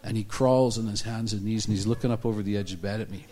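A man's voice: fairly low pitch, fairly even intonation, fast, warm tone, slight background noise. A man preaching a sermon in a church, telling stories with energy and acting out the people in them. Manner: storytelling, acts out the people in his stories.

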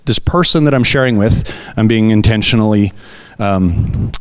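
A man telling testimony stories at a church service, animated, acting out the dialogue as he goes. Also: lowish voice, normal speed, clear, resonant tone. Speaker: guest sharing testimonies.

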